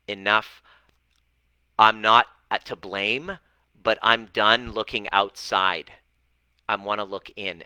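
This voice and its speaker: Blunt, bright-voiced male relationship coach. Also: lowish voice, dry recording, poor audio. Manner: blunt, swears freely, acts out client's words. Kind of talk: motivational talk to camera.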